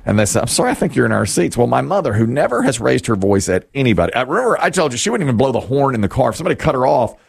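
A man's voice: mid-range voice, big pitch swings, rapid-fire, gravelly, hardly any pauses, husky. A middle-aged man from North Carolina hosting a sports talk radio show, telling stories with playful exaggeration.

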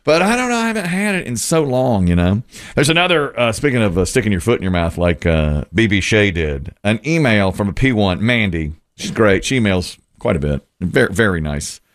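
Lively, laughing male radio host. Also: on the low side, a little fast, hardly any pauses. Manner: chatty, laughs often, lively storyteller. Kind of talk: casual radio banter.

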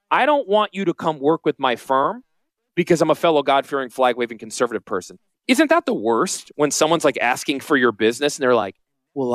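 A brash, sarcastic man hosts a financial talk radio show, rambling through a joking monologue as radio host and financial planner. His voice is medium-pitched and a bit bright, with no room sound.

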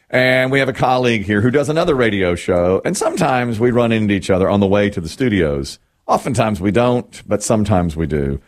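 Man, radio host, studio mic, casual banter, storytelling, lively intonation. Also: fairly low pitch. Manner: storytelling, laughs often.

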